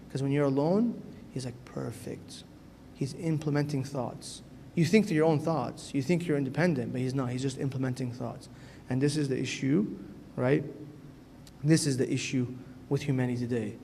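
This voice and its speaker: A man's voice: medium pitch, mellow. A man who is a priest, giving an earnest, conversational sermon to young people in a church. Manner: earnest and conversational, often asks "right?". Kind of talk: sermon to a youth gathering. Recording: echoey church hall, faint noise.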